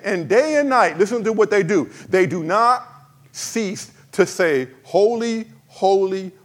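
A high-pitched male pastor preaches a sermon to his congregation, addressing the church directly. He swings between fervent cries and soft, emphatic lines.

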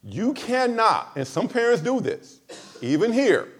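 Animated preacher man with a high voice. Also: measured pace, breathy edge. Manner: emphatic, swings between loud high stresses and low quiet asides. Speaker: pastor. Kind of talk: sermon.

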